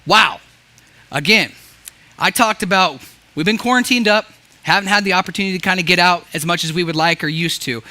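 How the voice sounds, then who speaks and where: A man's voice: high-pitched, brisk, sharp tone. A man working as an auctioneer, calling bids in a rhythmic chant with playful banter between lots.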